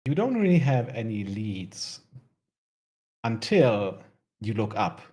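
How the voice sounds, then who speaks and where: A man narrates a tabletop fantasy game as its game master. His voice sits on the low side and he talks at an unhurried pace, breaking into laughter now and then. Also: big pitch swings, warm tone, husky. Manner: slow, laughs often while narrating.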